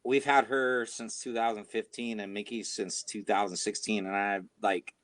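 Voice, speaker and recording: A man's voice: on the low side, normal speed, no room sound. Laid-back man telling stories. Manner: relaxed storyteller, laughs at his own stories. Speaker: co-host. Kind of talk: casual chat.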